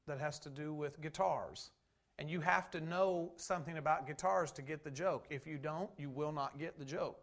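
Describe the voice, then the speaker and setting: A man preaching a sermon from the pulpit, talking conversationally and acting out quoted lines. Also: a little high. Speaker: pastor.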